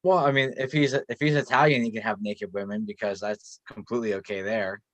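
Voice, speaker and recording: A man's voice: lowish voice, steady tone, a little fast, dry recording. A man co-hosting a casual podcast chat, telling stories in a laid-back way. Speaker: podcast co-host.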